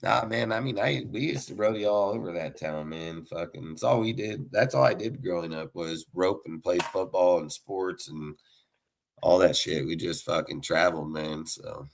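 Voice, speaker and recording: A young man telling a story in casual chat, swearing constantly and loudly acting out the sounds. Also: low-pitched, normal speed, gravelly. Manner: profane, animated, mimics sounds loudly. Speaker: podcast co-host.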